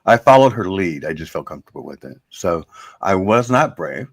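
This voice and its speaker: Deep-voiced man, modest and halting. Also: sing-song, no room sound. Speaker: guest. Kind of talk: casual chat.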